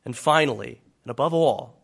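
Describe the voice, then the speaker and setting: A man preaching a sermon, telling a scripture story dramatically, swinging from loud to hushed. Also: mid-range voice, moderate pace, gravelly.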